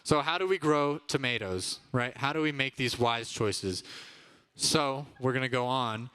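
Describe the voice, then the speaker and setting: Young guy doing a kids church talk, smooth clear voice, keeps asking the kids stuff. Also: mid-range voice, a little slow, bright, forceful tone. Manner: upbeat, asks the kids questions constantly. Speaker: kids' ministry teacher. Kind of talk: youth sermon to children. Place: church kids' room with a live audience.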